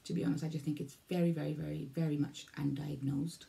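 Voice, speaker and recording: A woman's voice: deep voice, little pitch movement, fast, creaky, dark tone. A Welsh woman in her forties talking casually to camera, rambling, repeating herself and losing her thread. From Wales. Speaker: vlogger. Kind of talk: casual vlog talk to camera.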